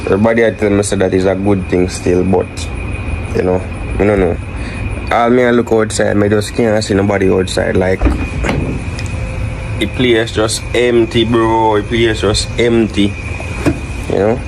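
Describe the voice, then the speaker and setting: A man's voice: on the low side, flat delivery, moderate pace, pauses often. A Jamaican man chatting casually in a vlog, laid-back and drawling in patois. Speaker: vlogger. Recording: noisy street recording.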